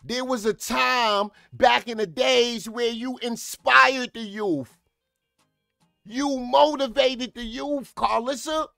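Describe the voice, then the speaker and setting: A man hosting a reaction channel, delivering comedic commentary in a profane, ranting style and often shouting. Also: very high-pitched, steady tone, slow, vocal fry, no room sound, studio quality, faint music behind.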